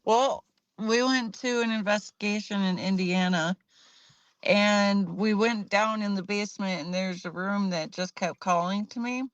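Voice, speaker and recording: A woman's voice: medium pitch, unhurried, dry recording. A woman who works as a medium, a guest on a podcast, telling her own stories in a chatty way with little laughs. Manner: chatty, laughs between sentences. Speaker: medium and paranormal investigator guest. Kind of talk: casual storytelling. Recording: dull lo-fi sound.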